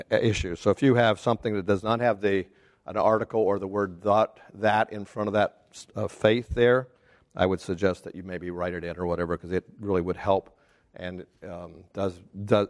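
A man teaching a casual Bible study class, talking haltingly with restarts and putting questions to the group. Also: low-pitched, steady tone. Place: church classroom.

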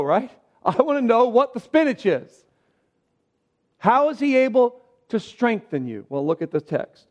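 A man preaching a sermon, reading scripture aloud and stressing key words with shifting pace and loudness. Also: on the high side. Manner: emphatic preaching with pauses, varied pace and loudness. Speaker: pastor.

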